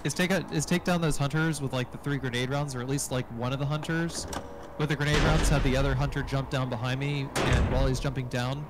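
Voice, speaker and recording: A man's voice: medium pitch, fairly even intonation, fast talker, background noise. A man on a gaming stream explaining speedrun strategy in a rambling way, full of restarts and fillers. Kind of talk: casual gaming stream chat. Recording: music playing underneath.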